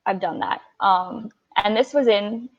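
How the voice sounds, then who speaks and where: A woman's voice: medium pitch, a little slow. A young woman in her twenties talks casually on a podcast, telling a rowing story with lots of energy and acting out the voices of the people involved. The audio is dull and lo-fi. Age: 20s. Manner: animated storytelling, acting out quotes. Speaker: coxswain guest.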